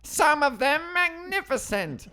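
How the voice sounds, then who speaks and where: A man putting on the high, sneering voice of a skeletal cartoon villain, drawing out each word. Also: sing-song, bright, forceful tone, exaggerated voice. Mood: villainous. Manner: high, nasal, cackling sneer, drawn-out words. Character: shrieking skeletal cartoon villain, male, adult.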